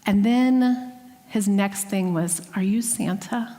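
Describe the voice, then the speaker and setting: A woman giving a heartfelt, earnest sermon as guest speaker, sometimes dropping to a hushed voice. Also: medium pitch, a little slow. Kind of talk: sermon with personal story. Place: spiritual center sanctuary. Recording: long hall reverb.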